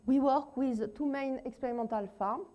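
A woman with a strong French accent, a native French speaker, giving a conference presentation as a visiting research scientist, speaking slowly and carefully with many fillers. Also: sits high, lo-fi sound. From France. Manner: slow, careful speech with many fillers and shy laughs.

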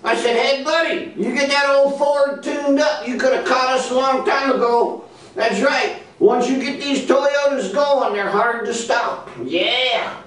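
A man voicing George, a cocky, loudmouthed redneck puppet boxer with a high-pitched, brash drawl. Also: measured pace. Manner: boastful and insulting. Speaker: ventriloquist's puppet. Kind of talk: ventriloquist comedy act. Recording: echoey hall from far off.

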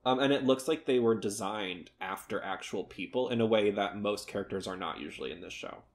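A man's voice: on the low side, fairly quick. A man co-hosting a podcast in casual chat, rambling and sometimes losing his train of thought. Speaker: podcast co-host.

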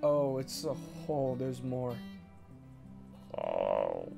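A young man streaming video games, reacting excitedly and laughing as he plays. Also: medium pitch, drawn-out words, gravelly. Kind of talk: casual gaming commentary. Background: faint game music.

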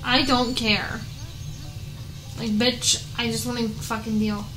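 A woman gaming on camera, swearing and venting frustration at the game as she plays, often breaking into shouts. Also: fairly high pitch, flat delivery, slow pace, echoey room, music in the background, low-quality recording. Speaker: gaming YouTuber. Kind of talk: casual let's play commentary.

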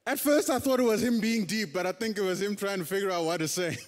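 A young man from South Africa with a very high voice, telling his own story from a church stage. He talks it through casually, with a self-deprecating streak and lifts of emphasis, and his voice rings out with long reverb in the hall. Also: fast talker. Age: 20s. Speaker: preacher. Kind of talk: testimony sermon.

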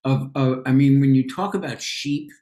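A man's voice: medium pitch, moderate pace, dark tone, reverberant. A man with a New York accent, a podcast guest who talks about nutrition in an emphatic, opinionated way. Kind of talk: casual podcast chat.

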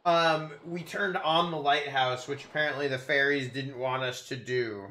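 A man's voice: medium pitch, fairly even intonation, moderate pace, sharp tone. A man playing an RPG on stream with friends, talking in a laid-back, dry way with some swearing. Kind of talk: casual gaming banter.

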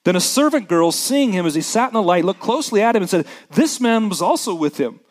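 Animated preacher man, fairly high voice. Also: brisk. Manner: animated preacher who acts out scripture voices, dropping soft for somber moments. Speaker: pastor. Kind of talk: sermon.

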